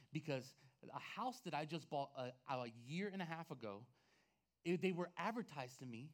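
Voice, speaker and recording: A male pastor preaching to his congregation with a high voice. He tells stories with lots of energy, dropping low and quiet and then rising loud. His pitch leaps around constantly. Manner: animated storytelling, swinging between hushed and loud. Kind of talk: sermon testimony.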